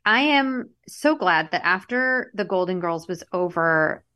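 A woman's voice: on the low side, expressive, measured pace, sharp tone. A woman from Massachusetts, past her early twenties, co-hosting a podcast in casual, enthusiastic chat. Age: adult, past her early twenties. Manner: enthusiastic, chatty. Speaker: podcast co-host.

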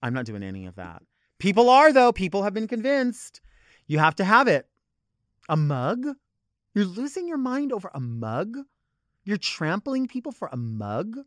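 A man hosting a podcast, ranting comedically in an animated, profane way about everyday annoyances. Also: high-pitched, unhurried, no echo, clean studio sound. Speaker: podcast host. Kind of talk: comedic rant.

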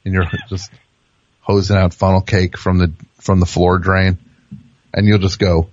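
A man's voice: deep voice, level tone, moderate pace, no echo. Male call-in host, playful riffer, dry close recording with slightly dull sound. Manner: riffing, builds bits, acts out little scenes. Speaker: radio show host. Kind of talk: comedic call-in riffing.

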